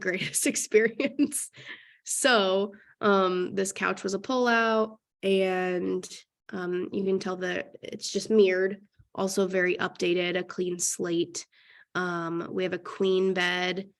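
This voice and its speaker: A woman with a nasal voice, talking fast with many fillers in a casual webinar. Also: medium pitch, gravelly. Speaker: guest real estate investor.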